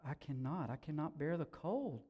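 A man voicing a hopeful young woman from the cave, speaking softly and with wonder in a read-aloud story. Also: on the high side, expressive, unhurried, lo-fi sound.

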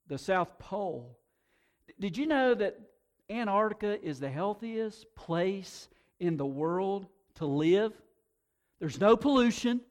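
Male pastor, high voice, lively sermon delivery with repeated words and swings in loudness. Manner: animated, often repeats words and swings between soft and loud. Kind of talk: sermon to a congregation.

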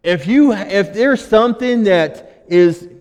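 A man's voice: high voice, expressive, takes it slowly, darkish tone, in a large hall. A man preaching a sermon as pastor, talking conversationally and building to emphatic stretches.

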